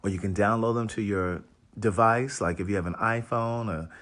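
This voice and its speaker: A raspy-voiced man from Maryland, an author hosting a casual livestream from a hotel room and greeting viewers by name. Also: lowish voice, moderate pace, fairly bright tone.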